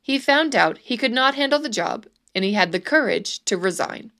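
A woman narrating a storybook chapter in a measured, expressive reading. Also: fairly high pitch.

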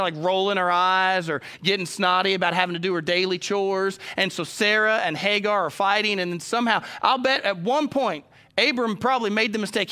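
A man's voice: high voice, pushed and bright. A man preaching a sermon, telling stories and addressing the congregation directly. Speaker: pastor.

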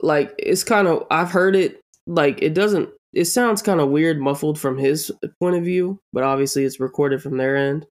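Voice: medium pitch, moderate pace, few pauses. A podcast co-host in casual chat, emphatic, repeating points and swearing often.

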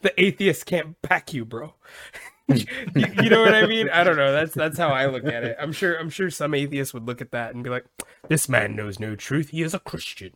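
A man's voice: fairly high pitch, fairly quick, pushed and bright. A young adult man hosting a podcast, talking in a rambling, casual way, swearing a lot and calling people dude. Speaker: podcast host. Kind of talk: casual chat.

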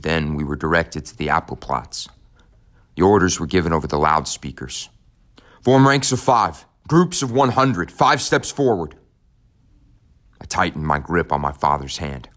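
A man with an extremely deep voice reads a first-person audiobook. His telling is measured and somber, unhurried and steady. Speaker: audiobook narrator. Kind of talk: scripted audiobook narration.

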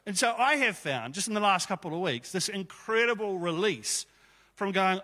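A man's voice: sits high, expressive, fairly quick, bright, forceful tone. A man, preaching a casual, jokey sermon as pastor into a stage microphone in a church hall. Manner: chatty, jokey, conversational preaching.

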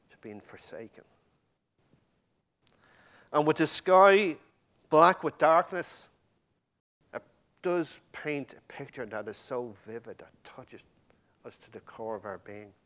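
Speaking a little slowly and leaving long pauses, a man with a slightly high voice and fairly even intonation delivers a passionate sermon. He moves from loud emphasis to near-whispered lines, speaking directly to the congregation.

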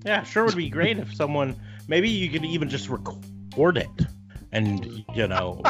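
A man's voice: a little high, lively intonation, a little slow, over music. A man hosting a podcast, teasing his co-hosts in a dry way and steering the chat. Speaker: podcast host.

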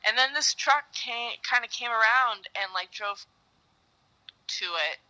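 A woman being interviewed about cycling across the country, telling her stories in a lively, animated way with sudden high-pitched bursts. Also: unhurried, low-quality recording. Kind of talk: casual phone-style interview chat.

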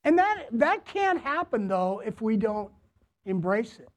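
A man preaching a sermon as pastor to his congregation, deliberate, repeating phrases and asking them questions. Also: high-pitched, big pitch swings. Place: church, before a congregation.

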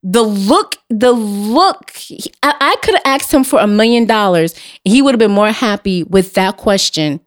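A woman's voice: mid-range voice, animated, normal speed, hardly any pauses, clean tone. Blunt, emphatic woman host. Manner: blunt, emphatic, profane, repeats herself. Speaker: podcast host. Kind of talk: casual chat.

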